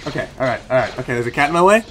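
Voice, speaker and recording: A man's voice: mid-range voice, big pitch swings, racing, sharp tone, slight background noise. A young man giving casual, joking gameplay commentary at home, swearing now and then and chatting to his cat at the desk mic. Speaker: let's play host. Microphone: desk microphone.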